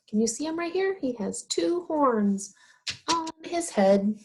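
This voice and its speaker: A woman teaching young children, asking questions about farm animals and answering them in a drawn-out, encouraging way. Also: high voice, expressive. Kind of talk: slow, sing-song teaching of young children.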